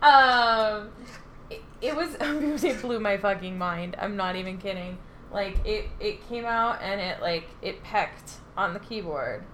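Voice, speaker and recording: A woman's voice: mid-range voice, expressive, a little slow, a bit bright, a little hiss or hum. A young woman co-hosting a podcast, chatting casually with lots of fillers, swearing and giggling. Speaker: podcast co-host. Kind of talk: casual chat.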